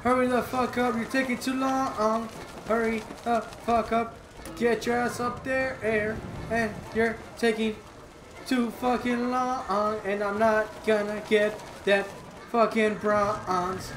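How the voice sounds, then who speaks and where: A man's voice: very high-pitched, level tone, slow pace, over music. Frustrated, swearing man gaming. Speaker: gamer. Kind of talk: gameplay commentary. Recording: roomy with loud background noise.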